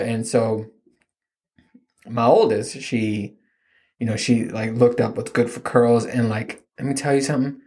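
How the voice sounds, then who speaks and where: A man's voice: medium pitch, darkish tone. A man in his thirties hosting a podcast, telling rambling, self-mocking stories about his kids in a casual, profane, joking way. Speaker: podcast host. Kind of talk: casual comedic storytelling.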